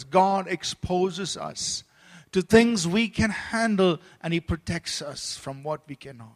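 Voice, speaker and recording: A man's voice: sits high, takes it slowly. A man preaching a sermon as pastor at a church service, earnest, with restarts and repeated words. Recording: long hall reverb.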